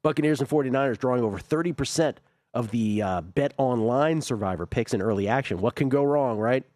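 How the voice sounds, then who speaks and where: A man hosting a sports radio talk show, reading listener messages aloud and adding quick remarks. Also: mid-range voice, a little mellow, dry recording. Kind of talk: casual talk show banter.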